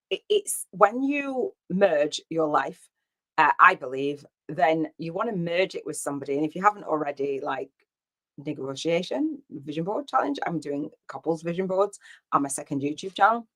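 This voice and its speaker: Low-voiced woman rambling through a story. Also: lively intonation, moderate pace, a bit bright. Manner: rambling, storytelling with quoted dialogue and fillers. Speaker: podcast host. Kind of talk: casual solo podcast monologue.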